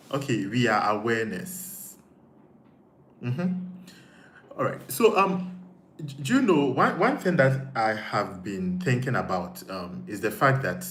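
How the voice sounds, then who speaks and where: A man's voice: lowish voice, a bit bright. A man with a Ghanaian accent hosting a casual live stream, reading viewer comments and thinking aloud with frequent repeats. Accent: Ghanaian English. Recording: echoey room with faint noise.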